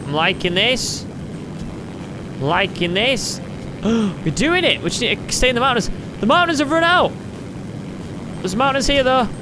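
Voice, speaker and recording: A woman casually commentating while she plays a flying game, excitable and playful, talking to herself and her viewers. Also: on the high side, unhurried, noisy background. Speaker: gaming YouTuber. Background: game music.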